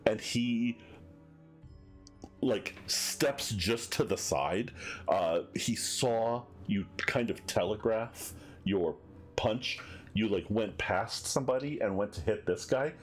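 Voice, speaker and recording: A man's voice: fairly low pitch, takes it slowly, soft background music. A man narrating a tabletop game as game master, loose and laughing, with many fillers.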